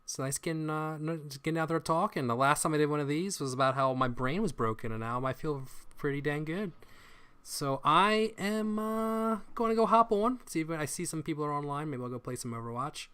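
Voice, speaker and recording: A man hosting a casual livestream chat show, animated, laughing often and restarting his sentences. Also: a little high, a little fast, clean tone. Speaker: podcast host.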